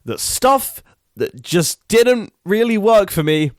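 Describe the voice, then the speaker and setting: A man's voice: sits high, big pitch swings, slow, no room sound, studio quality. A young man reviewing a TV finale in a sarcastic, swearing rant. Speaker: YouTube reviewer. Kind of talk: ranting TV review commentary.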